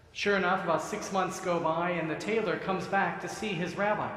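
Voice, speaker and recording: Rabbi preaching in an echoey sanctuary. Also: male voice, high voice, fairly even intonation, fairly quick, few pauses, fairly bright tone, slight background noise. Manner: conversational storytelling with humor. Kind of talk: sermon. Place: synagogue sanctuary. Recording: echoey sanctuary with long reverb.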